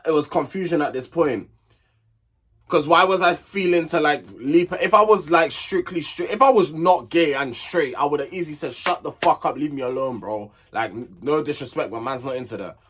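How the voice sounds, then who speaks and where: A man's voice: on the high side, moderate pace, fairly bright tone, husky. A young man telling a personal story in a chatty, digressive, slang-filled way. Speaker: vlogger. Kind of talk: casual storytime chat.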